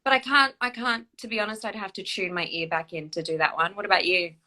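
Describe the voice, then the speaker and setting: Chatty young actress on a phone live stream, bright sharp voice, lots of laughs. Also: female voice, mid-range voice, fairly even intonation, quick pace. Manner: chatty, enthusiastic, laughs often. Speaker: actress and live-chat co-host. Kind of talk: casual live-stream chat. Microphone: phone on a live video stream.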